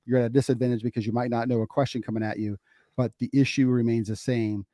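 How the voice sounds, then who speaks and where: A middle-aged man co-hosting a casual podcast, telling family stories in an animated way and repeating phrases for emphasis. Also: medium pitch, fast talker, no echo, clean studio sound. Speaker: podcast co-host, father.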